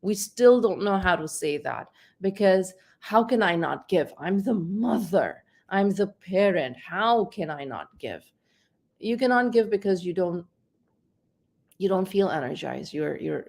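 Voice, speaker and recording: A middle-aged woman, a parenting coach, talking reflectively and repeating words as she searches for them. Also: mid-range voice. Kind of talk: conversational talk on parenting.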